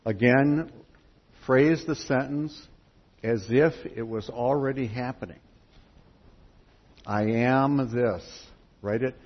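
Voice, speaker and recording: Speaking a little slowly in a medium-pitched, breathy-edged voice, a man tells parables at a spiritual gathering. He's a folksy storyteller giving a sermon directly to his group, recorded with dull, lo-fi sound and faint background noise.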